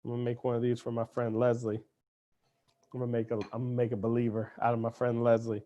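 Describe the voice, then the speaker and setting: Hosting a live cooking lesson for kids, a man chats upbeatly and speaks directly to the children and their parents. He has an ordinary mid-range male pitch, talks fairly quickly, and sounds a little mellow.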